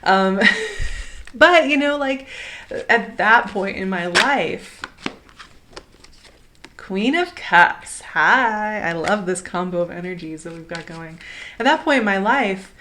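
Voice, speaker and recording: A woman's voice: mid-range voice, lively intonation, slow, long pauses, a little hiss or hum. A woman giving a casual, encouraging tarot reading, chatty and enthusiastic, often laughing and asking "right?". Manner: chatty, warm and encouraging, many "like" and "right?" fillers. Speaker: tarot reader.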